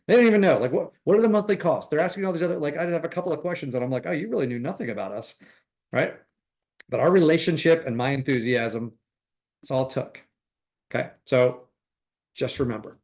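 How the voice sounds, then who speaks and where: Man, instructor, casual coaching, slightly high voice, animated, plays out dialogues. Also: brisk. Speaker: real estate recruiting instructor.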